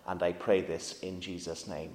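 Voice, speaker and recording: A man's voice: low voice, level tone, moderate pace, a little mellow. Male pastor; chatty, engaging preacher who asks his congregation questions; recorded with long church reverb. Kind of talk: sermon. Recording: echoey church hall reverb.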